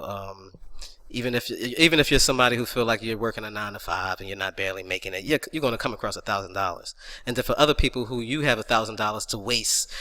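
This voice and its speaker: A man's voice: on the low side, bright, forceful tone. A man co-hosting a podcast in a loose, casual way, with many fillers and restarts. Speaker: podcast co-host.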